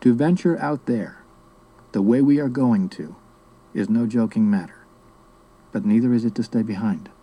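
A man voicing an old male sorcerer teacher who speaks calmly and firmly. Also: mid-range voice, breathy edge, lightly acted, rough recording. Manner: calm, measured, quietly firm.

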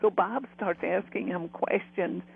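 A man who works as a spiritual medium is a guest in a storytelling interview, rambling, restarting often and laughing as he tells his tales. His high voice is unhurried and husky with vocal fry and fairly even intonation, and it comes through with phone-quality sound.

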